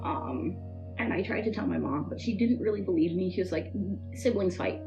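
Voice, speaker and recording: Low, gravelly young woman, halting. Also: expressive. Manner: halting, full of "like" and "um". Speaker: interview guest. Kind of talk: emotional personal testimony. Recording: dull, muffled recording with faint music.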